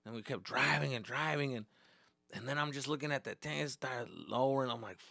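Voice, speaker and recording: A young man doing stand-up, telling a story in animated, profane bursts with Spanish slang mixed in. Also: medium pitch, a little fast, vocal fry, no echo. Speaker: stand-up comedian. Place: comedy stage.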